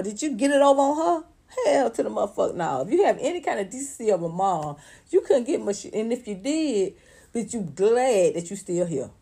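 A woman, hosting casual celebrity gossip commentary in an animated, profane way, laughing often. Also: mid-range voice, slightly rough. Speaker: commentary channel host.

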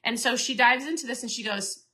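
Bright-voiced chatty woman host. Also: on the high side, brisk. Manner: chatty, earnest, restarts and repeats herself. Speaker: podcast host and keto coach. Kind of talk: casual motivational talk.

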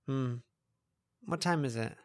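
A man voicing a drowsy, dry-witted teenage girl, speaking softly and wryly in an audiobook reading. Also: mid-range voice, slow, no echo, pitched above the performer's own voice, lightly acted.

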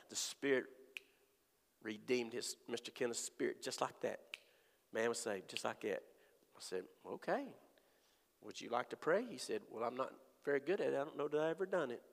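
Male preacher, gravelly voice, lively storytelling testimony, long hall reverb. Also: fairly high pitch. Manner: animated storytelling with voiced quotes. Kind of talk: sermon testimony.

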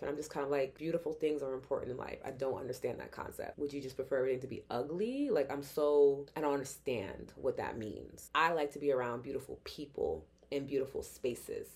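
A young adult woman hosts a solo podcast in a casual, heartfelt way. Her voice sits a little low for a woman. She talks with earnest, expressive energy and drops the odd swear word. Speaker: podcast host.

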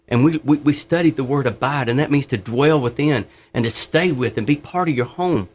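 A man's voice: fairly high pitch, brisk, hardly any pauses. A middle-aged man sharing his faith testimony in conversation, fervent and earnest, telling stories with laughs.

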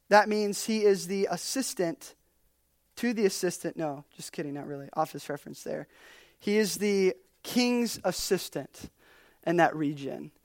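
A woman preaching a casual, humorous sermon, chatty and animated, with many fillers. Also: mid-range voice, no echo, studio quality. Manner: chatty, animated, uses lots of "like".

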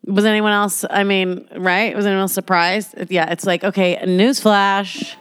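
A woman's voice: mid-range voice, flat delivery, a little slow, clean tone. A young adult woman hosting a podcast, talking in a candid, rambling, emotional way and swearing freely. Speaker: podcast host. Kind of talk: confessional casual monologue.

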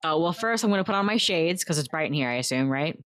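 A woman playing a character in a tabletop game, blunt and playful in manner. Her voice sits on the low side. The sound is dry and close. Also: lively intonation, fast, fairly bright tone, dry recording. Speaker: player.

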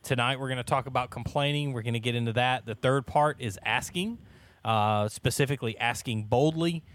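Man, 30s, laid-back Bible study leader, jokey, laughs a lot, mid pitch. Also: brisk, fairly bright tone, no echo. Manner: joking, laughs often, many restarts. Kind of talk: casual church Bible study chat.

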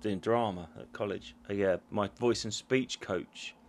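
A man's voice: on the low side, steady tone, a little slow. A man co-hosting a casual chat show, telling rambling anecdotes that trail off. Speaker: co-host.

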